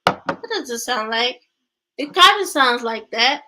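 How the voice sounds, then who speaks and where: A woman's voice: a little high, expressive, measured pace, background noise. A woman hosting a Bible study, reading scripture aloud and chatting casually about it, stumbling and restarting over words. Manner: chatty, exclaims to live viewers.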